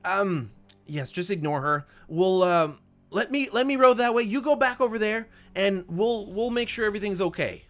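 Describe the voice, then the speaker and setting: A man's voice: lively intonation, moderate pace. A man voicing a very old, nervous male gnome merchant who stammers and talks pompously. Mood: flustered. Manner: stammering, fussy, high-pitched and loud.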